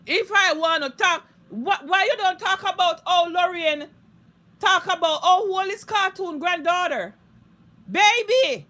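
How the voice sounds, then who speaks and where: Jamaican woman with a high, piercing voice, ranting live in thick Patois, heated and foul-mouthed. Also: unhurried, pushed and bright. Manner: heated, profane, repetitive ranting. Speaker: social media live streamer. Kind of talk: unscripted live-stream rant.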